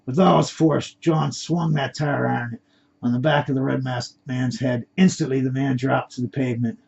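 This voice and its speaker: Amateur male reader narrating his own story; plain delivery, stumbling restarts, husky voice, dull lo-fi sound. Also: mid-range voice, flat delivery, moderate pace, darkish tone.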